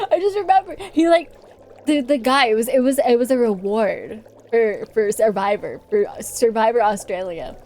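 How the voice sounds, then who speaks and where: A woman's voice: a little high, animated, measured pace, a little mellow. A woman streamer chatting casually on a livestream, playful and giggly, rambling as she talks.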